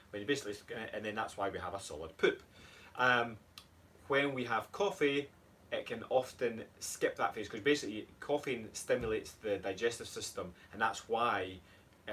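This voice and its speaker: A man's voice: on the low side, a little fast, sharp tone. A Scottish man co-hosting a casual chat, easygoing and explaining step by step. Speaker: co-host, fitness coach. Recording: distant mic, faint room noise.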